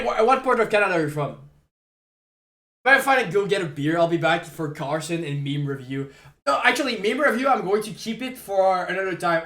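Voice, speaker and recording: A young man from Quebec with a Québécois French accent, chatting on a live stream, excitable and stammering, laughing often. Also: sits high. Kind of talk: casual live-stream chat. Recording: echoey room with faint music.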